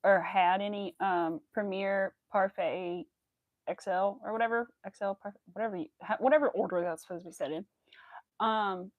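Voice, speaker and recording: Young woman, casual streamer, rambling chat with fillers, mid pitch, dry close mic. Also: no echo, narrow, tinny audio. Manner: chatty, rambling, many fillers. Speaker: crochet streamer.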